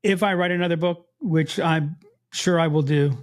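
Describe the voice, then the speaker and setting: An animated American man with a slight Mid-Atlantic accent, chatting casually as a podcast co-host. His voice sits a bit higher than most men's, and he often breaks off and restarts his sentences as he gets going. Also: normal speed. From United States. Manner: animated, self-interrupting, frequent restarts. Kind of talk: casual chat.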